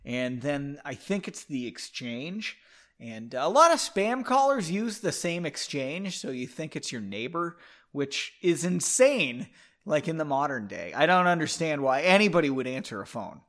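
A man's voice: fairly high pitch, very animated, measured pace, a bit bright. A man from the United States, reading a book aloud casually while drinking whiskey, breaking off into rambling, swearing asides. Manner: rambling, swears and comments between passages. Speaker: reader of a book.

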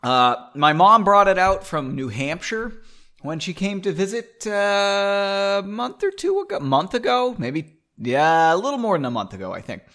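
A man's voice: sits high, sing-song, normal speed, a bit bright. A man hosting a casual show, chatting and reading his story aloud with frequent digressions and laughs. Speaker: podcast host reading his own story.

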